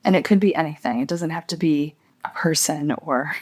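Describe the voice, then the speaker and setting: Middle-aged lady doing an interview, kinda low voice, reflective. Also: moderate pace, darkish tone. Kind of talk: oral history interview.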